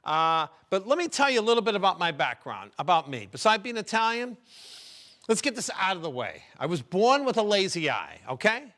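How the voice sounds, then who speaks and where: A man's voice: high voice, very animated, a little fast, sharp tone. A middle-aged man doing a stand-up set, chatty and teasing the audience. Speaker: stand-up comedian. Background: audience laughter.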